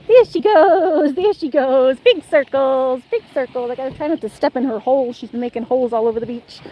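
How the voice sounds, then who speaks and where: A high-voiced woman talks breathlessly into her phone on an outdoor beach. She is playful and quick to laugh, switching into a sing-song baby voice for her dog. A faint outdoor hum sits underneath. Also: lo-fi sound. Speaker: vlogger live-streaming a dog walk. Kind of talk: casual live-stream chat.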